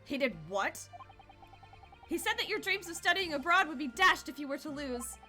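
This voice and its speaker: A woman voicing a confident young male defense lawyer in a game, with a put-on British accent in a lowered voice. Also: expressive, normal speed, pushed and bright, soft background music.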